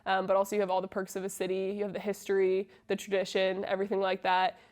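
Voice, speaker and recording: A woman's voice: mid-range voice, completely flat delivery, fast talker, darkish tone. A young woman in her twenties from Massachusetts, a college soccer player answering interview questions in a friendly, casual way with many fillers. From Massachusetts, USA. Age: 20s.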